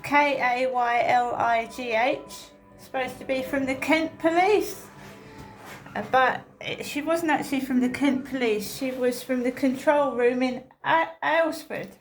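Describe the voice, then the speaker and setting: Out walking her dog, a woman talks casually to her channel, spinning a chatty story full of disbelief. Her high voice moves a little slowly, and faint music plays in the background.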